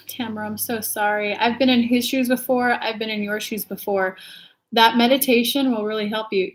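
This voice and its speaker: Brief: woman, live-stream host, casual and animated, pitch a touch high. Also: moderate pace. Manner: chatty and animated, reads viewer comments aloud. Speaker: intuitive reader and channel host. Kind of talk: casual live-stream chat reading comments.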